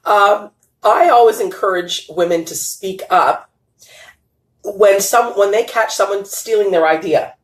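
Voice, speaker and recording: A woman's voice: mid-range voice, a little slow, poor audio. An enthusiastic woman hosts a live-streamed interview, affirming her guest and greeting viewers with eager energy. Her voice sits in a plain middle range. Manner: enthusiastic, affirming, laughs often. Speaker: host.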